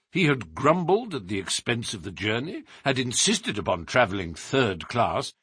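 Man, husky, bright, dry close sound, measured story narration. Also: mid-range voice, no echo. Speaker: audiobook reader. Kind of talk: scripted narration.

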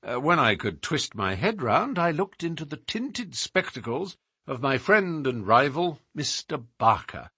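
A man reading a story aloud in the first person, speaking as a shrewd male detective who recounts a case in a measured, precise way. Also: a little high, breathy edge, dry recording, clean studio sound, full character voice. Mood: recounting. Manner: measured, precise, lively emphasis. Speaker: audiobook reader.

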